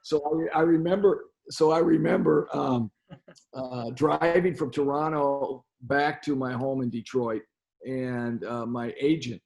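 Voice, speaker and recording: A man's voice: medium pitch, fairly even intonation, measured pace, vocal fry, darkish tone. An older man sits as a guest in an interview and tells long stories from his coaching life. He stumbles through them, doubling words and starting sentences over as he goes. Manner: stammering, repeats words and restarts often. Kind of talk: storytelling interview.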